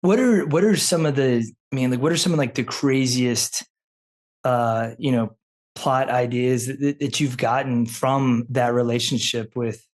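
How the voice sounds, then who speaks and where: A male podcast host with a mid-pitched, ordinary voice. He responds to his guest with short reactions and works his way into questions haltingly, with fillers. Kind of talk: interview conversation.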